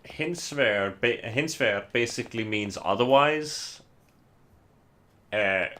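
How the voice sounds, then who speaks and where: A man's voice: mid-range voice, takes it slowly, sharp tone. A man from Iceland, a native Icelandic speaker, giving casual gameplay commentary in English, hesitant and rambling with many fillers. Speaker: streamer playing a game.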